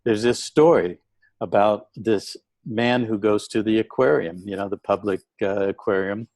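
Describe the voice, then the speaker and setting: A man with a lowish voice, recorded dry and close. He speaks in a deliberate, explaining way as an interview guest and often checks in with a quick "okay?". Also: a little mellow, no echo, low-quality recording. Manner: deliberate, tags points with "okay?". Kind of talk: casual online interview.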